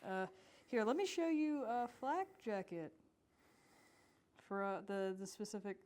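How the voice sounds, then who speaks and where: Female co-host, mid pitch, blunt and laughing, casual profanity. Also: lively intonation, unhurried, darkish tone. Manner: blunt, laughing, swears freely. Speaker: podcast co-host. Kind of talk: casual chat. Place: library podcast room.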